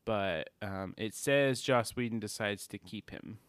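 Smooth-voiced rambling podcast man. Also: on the low side, unhurried, dry recording. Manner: rambling, swears casually, laughs mid-sentence. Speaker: podcast co-host. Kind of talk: casual chat.

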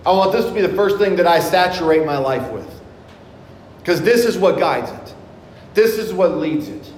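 A middle-aged male pastor preaching a sermon, earnest, slowing down for scripture quotes. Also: high-pitched, a little hiss or hum. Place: church sanctuary. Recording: echoey hall, mic in room.

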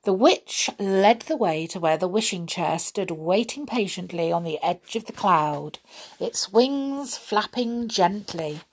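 A woman reading a children's storybook aloud, in a gentle, expressive read-aloud tone. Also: mid-range voice, slow pace, slightly rough.

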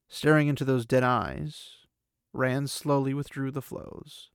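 A man's voice: mid-range voice, steady tone, measured pace, creaky, clean tone, no echo, studio quality. A man hosting a podcast, reading a fantasy novel aloud and chatting about it in an earnest, self-deprecating way. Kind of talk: book reading with casual commentary.

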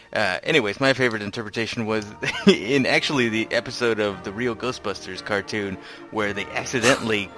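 A man in a casual chat who jokes, laughs often and tells stories. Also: on the low side.

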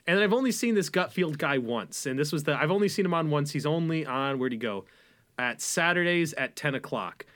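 A young man chats on a podcast in a loose, rambling way, worked up and mocking as he goes. His voice sits a little high for a man. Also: fairly quick. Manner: animated, rambling, mocking impressions. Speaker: podcast co-host. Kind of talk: casual podcast chat.

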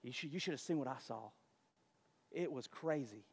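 A man voicing a falsely pious gossiping churchgoer in a low, confiding, mock-concerned murmur. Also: moderate pace, breathy edge, in a large hall. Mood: hushed gossip.

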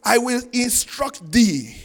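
Emphatic pastor preaching. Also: male voice, very animated, slow pace. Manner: emphatic preaching, swings between loud sung-out lines and low asides. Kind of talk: sermon. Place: church in Canada.

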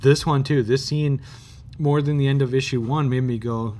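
A man's voice: medium pitch, steady tone, moderate pace, a little mellow. Casual man discussing comics. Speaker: podcast co-host.

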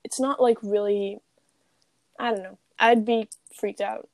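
A woman in casual chat on a video call, halting and searching for words. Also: medium pitch, steady tone, darkish tone, no echo.

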